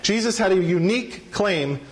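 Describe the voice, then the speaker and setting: High-voiced man preaching a sermon. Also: animated, moderate pace. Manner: emphatic, calls for congregation responses. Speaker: pastor. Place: church sanctuary.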